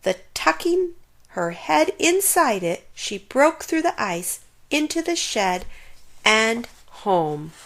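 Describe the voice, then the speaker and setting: Slow, lively woman reading a kids' story. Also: fairly high pitch. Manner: expressive, sing-song reading. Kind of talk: children's story read-aloud.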